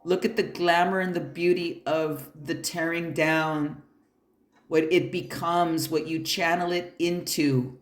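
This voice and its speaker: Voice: medium pitch, fairly even intonation, slow, soft background music. A tarot card reader giving a pick-a-pile reading. The reader talks bluntly and emphatically, swears freely and speaks straight to the listener with encouragement. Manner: encouraging, addresses the listener directly. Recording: roomy echo.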